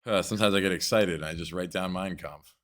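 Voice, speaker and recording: A man's voice: low voice, fast talker. A man hosting a podcast, trading crude jokes in casual chat. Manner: crude, joking banter. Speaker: podcast host.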